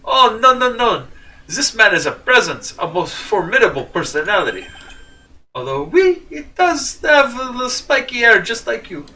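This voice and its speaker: A man's voice: very high voice, big pitch swings, a little slow, sharp tone, voice pushed up, heavily acted. A man voicing a dramatic, fretful French restaurant man with a put-on French accent, reading game dialogue aloud. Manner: theatrical, whiny. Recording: distant mic with game music.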